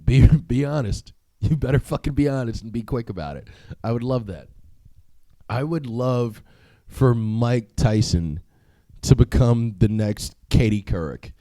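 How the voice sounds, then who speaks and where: A man's voice: mid-range voice, animated, unhurried, warm tone, dry recording. A young man hosting a solo podcast, talking casually in a profane, rambling way, with frequent laughs and filler words. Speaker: podcast host.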